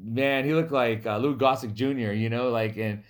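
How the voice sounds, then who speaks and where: A man from a Native American reservation hosting a podcast, telling stories in a casual, animated way, laughing often and acting out the people he quotes. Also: mid-range voice, normal speed. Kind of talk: casual storytelling chat.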